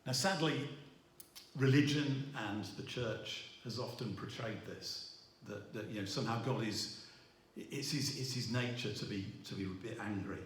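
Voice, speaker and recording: A middle-aged man preaching a sermon. He talks in a halting way, restarting his sentences and filling pauses with ums. His voice is heard from some distance and rings around a very reverberant church hall. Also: medium pitch, a little hiss or hum. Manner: halting, with many restarts and fillers. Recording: roomy echo, voice from afar.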